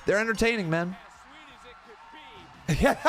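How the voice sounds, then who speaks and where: A young man hosting a live watch-along stream, chatting to his viewers and often breaking into laughter. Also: very high voice. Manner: excitable, laughs a lot, talks to chat as "guys" and "bro". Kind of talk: casual live-stream commentary.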